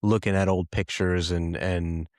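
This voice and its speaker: A podcast host in his thirties works through a personal story in a very low voice with a steady tone. He is reflective and halting, pausing and restarting often. The recording is dry and close, with no room around it.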